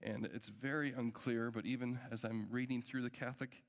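A man's voice: medium pitch, fairly even intonation, a little fast, vocal fry. A middle-aged man, a pastor, preaching a sermon in an earnest, emphatic way that builds with urgency. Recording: long hall reverb.

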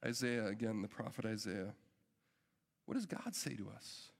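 A man's voice: lowish voice, animated, moderate pace, creaky, long pauses. A middle-aged man, a pastor, preaching a sermon in an earnest, emphatic way that builds with urgency. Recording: long hall reverb.

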